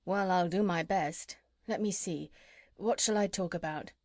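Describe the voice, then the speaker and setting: A woman voicing a polite, gentle male animal doctor. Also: on the low side, a little slow, no echo, clean studio sound. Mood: uneasy. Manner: gentle, courteous. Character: kind, polite middle-aged animal doctor.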